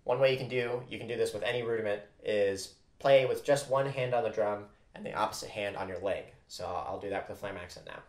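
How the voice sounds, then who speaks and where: A man on the low side of the pitch range leads a drum lesson briskly, with few pauses, patiently covering flam rudiments and voicing the stickings as he counts. The room echoes with loud drumming, and a little hiss or hum is audible.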